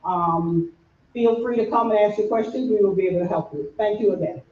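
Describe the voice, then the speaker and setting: A woman from New York with a New York accent, an organization officer giving an earnest, measured address to a community audience. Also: mid-range voice, slight background noise. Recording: echoey, dull room recording from far off.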